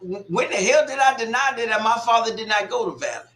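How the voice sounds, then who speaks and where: Sounding high and a bit bright, this man talks fast with lively intonation. He's running a sports watch party livestream from an echoey room, reading out comments and chewing out a troll amid laughter and curses.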